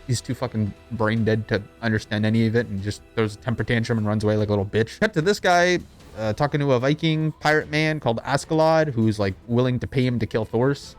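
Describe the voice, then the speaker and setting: A man's voice: mid-range voice, quick pace. A young man narrating a comedic anime recap in an irreverent, profane, sarcastic, rambling way. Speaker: video narrator. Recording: voice-over with background music.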